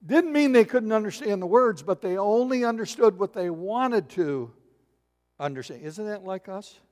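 A man delivers a sermon with a high voice, and the sound rings out with long reverb from a large room. He tells the story with humor and acts out quick voices for the people in it. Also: animated, a little mellow. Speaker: pastor.

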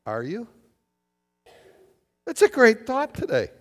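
Pastor, male, high voice, slow sermon delivery, church with long reverb. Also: expressive, a little mellow. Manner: preaching with questions to the congregation. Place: church sanctuary.

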